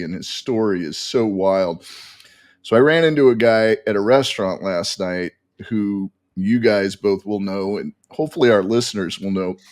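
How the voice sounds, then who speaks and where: A man as a podcast guest, telling a story in animated casual chat with frequent restarts. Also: fairly low pitch.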